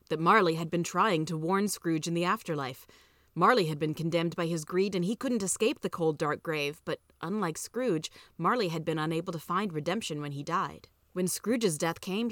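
A woman narrating a storybook tale in a measured, even way. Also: on the low side, no room sound, clean studio sound. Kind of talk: storybook reading.

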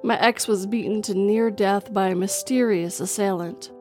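A woman narrating a first-person horror story in a steady, scripted way. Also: mid-range voice, normal speed, soft background music.

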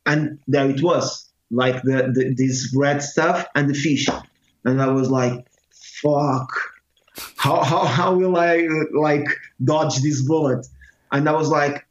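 Halting Portuguese-accented man, echoey room. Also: a little high, a little hiss or hum. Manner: halting, many restarts and fillers. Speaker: guest telling a personal story. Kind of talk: casual storytelling. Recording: echoey, muffled room sound.

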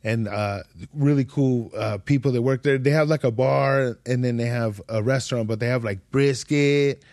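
A man's voice: medium pitch, normal speed, darkish tone, no room sound, studio quality. A young man, hosting a podcast and telling a rambling, slangy, profane travel story in casual chat. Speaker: podcast host.

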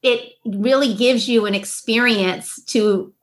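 A woman's voice: a little high, fairly even intonation, slow. A woman in a casual chat, playful and agreeing readily.

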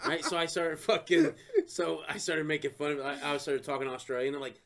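A man's voice: on the high side, brisk. A young man co-hosting a casual podcast chat, swearing freely and laughing as he talks. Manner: swears a lot, laughs while talking, gets loud; animated, lively voice. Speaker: podcast co-host.

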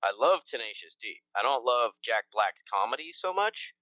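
Crude joking man, lively pitch. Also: moderate pace, dry recording, highs cut off. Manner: crude, joking, rambling with fillers. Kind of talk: casual chat.

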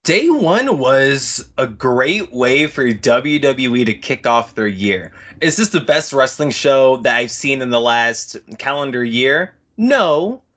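A man's voice: medium pitch, sing-song, takes it slowly, hardly any pauses, a bit bright. A man appearing as a podcast guest, chatting with enthusiasm. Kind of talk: casual podcast chat.

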